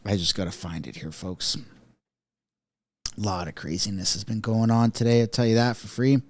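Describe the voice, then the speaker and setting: A man's voice: fairly low pitch, level tone, normal speed, a little mellow, dry recording. A man hosting a casual online commentary show, chatty and mocking, talking straight to his viewers. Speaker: political commentary host.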